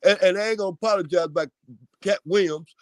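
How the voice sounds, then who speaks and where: High voiced guy calling in, rambles, repeats himself, dead dry audio. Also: quick pace, no room sound. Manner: rambling, repeats shout-outs. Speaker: caller. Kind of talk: casual sports chat.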